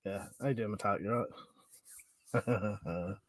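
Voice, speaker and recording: A man's voice: on the low side, measured pace, no room sound. A man hosting a casual live stream, chatting with viewers, swearing and laughing often, with a runny nose.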